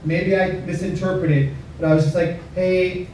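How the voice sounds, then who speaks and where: High-voiced man doing stand-up in an echoey club. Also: steady tone, fairly quick, noisy background. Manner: self-deprecating, chatty asides to the crowd. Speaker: stand-up comedian. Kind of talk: stand-up comedy set. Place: comedy club stage. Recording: echoey club room, mic at a distance.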